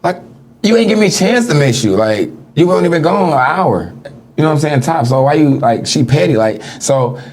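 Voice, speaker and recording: A man as a podcast guest, telling animated, slangy stories in casual chat and often cutting in with "listen". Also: fairly high pitch, a little fast, slight background noise.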